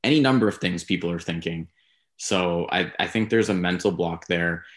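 A man co-hosting a podcast, talking through his views in a casual, rambling, measured way. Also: low-pitched. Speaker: podcast co-host. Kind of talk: casual sports talk.

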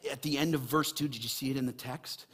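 A man preaching a sermon as pastor, animated, swinging between raised emphasis and quiet, earnest stretches. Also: mid-range voice, fast, breathy edge.

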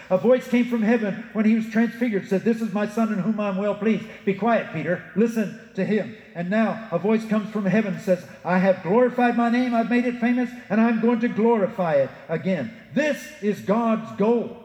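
Male pastor, sermon, emphatic preaching, high voice, echoey church hall. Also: normal speed, hardly any pauses, a little mellow. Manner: emphatic preaching, rising for quotes, dropping low to address listeners. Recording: echoey hall with long reverb.

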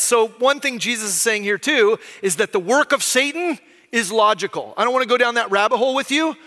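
A man's voice: very high-pitched, pushed and bright, long reverb tail. A man preaching a sermon as pastor, conversational and explaining with frequent rhetorical questions.

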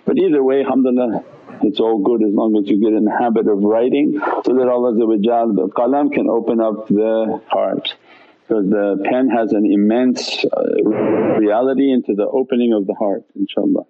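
Calm man giving a religious talk. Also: on the low side, narrow, tinny audio. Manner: calm, unhurried, with Arabic devotional phrases. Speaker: Sufi teacher. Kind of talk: religious talk answering questions.

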